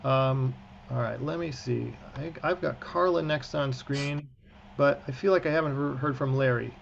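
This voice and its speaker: A man's voice: mid-range voice, fairly even intonation, normal speed, creaky. Man teaching on a muffled video call. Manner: encouraging, frequent fillers and restarts. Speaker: cantor teaching prayer-book Hebrew. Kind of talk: online class instruction. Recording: muffled video-call audio with faint hiss.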